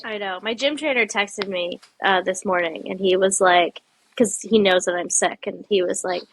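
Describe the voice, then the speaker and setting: A woman co-hosting a podcast, chatting casually while sick with a cold, telling animated stories and often laughing. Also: medium pitch, normal speed, slight background noise. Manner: animated storyteller, laughs often, quotes people in voices. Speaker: podcast co-host. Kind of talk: casual chat.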